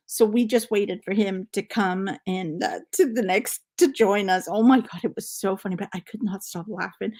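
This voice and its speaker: A woman's voice: medium pitch, a little mellow. Chatty woman rambling while knitting. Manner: rambling, chatty, counts stitches aloud. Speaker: knitting livestream host. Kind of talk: casual storytelling while knitting.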